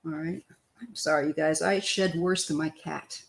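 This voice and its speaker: Older woman, Missouri-born tarot reader, live-stream style: loose, chatty, throat-clearing. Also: low voice, steady tone, normal speed, slight background noise.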